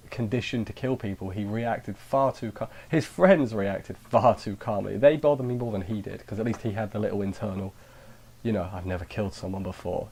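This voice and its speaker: A man with a somewhat low voice talks through an anime review in a loose, rambling way. He often breaks off mid-sentence and restarts, and he slips in dry, sarcastic asides. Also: darkish tone. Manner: rambling, sarcastic, self-interrupting. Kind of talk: casual spoken review.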